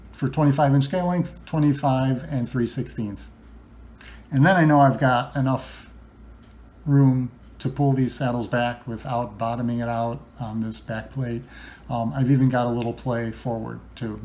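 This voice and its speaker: A guitar builder demonstrates setup in a casual, chatty how-to, full of ums and restarts. His medium-pitched voice is creaky and a little mellow.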